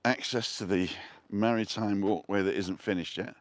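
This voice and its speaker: A man's voice: on the low side, steady tone, normal speed, no room sound. Chatty Mancunian man on a seaside walk. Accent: Manchester English. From North West England. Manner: chatty, rambling asides. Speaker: vlogger. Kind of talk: casual walking vlog. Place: outdoors on a seaside walkway.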